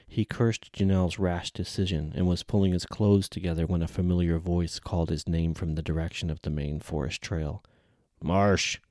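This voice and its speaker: A man reading a novel aloud in measured, even audiobook narration. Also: sits low, no echo, clean studio sound.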